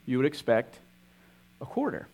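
A man's voice: mid-range voice, big pitch swings, moderate pace, vocal fry, slightly rough, lo-fi sound. A young adult man, a pastor, teaching a sermon in a conversational way, asking the audience questions and reading scripture aloud.

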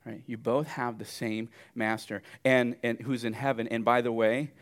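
A man preaching a sermon, animated, jumping from loud outbursts to hushed asides. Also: medium pitch, moderate pace. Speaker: pastor.

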